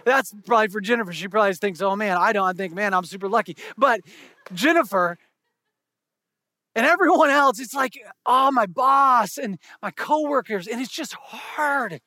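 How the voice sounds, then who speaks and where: A married man preaching a sermon to a congregation, conversational and joking, moving from hushed to shouted. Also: sits high, normal speed, dry recording, clean studio sound. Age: adult, married with kids. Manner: conversational, humorous, swings from soft to shouting. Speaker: pastor.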